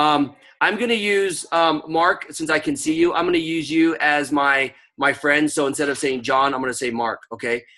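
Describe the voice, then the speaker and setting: A man with a bright, forceful voice pitched a little high runs a sales training over a video call. He coaches with emphatic energy, sprinkling in fillers and quick asides to his listeners. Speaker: network marketing trainer. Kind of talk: online sales training session.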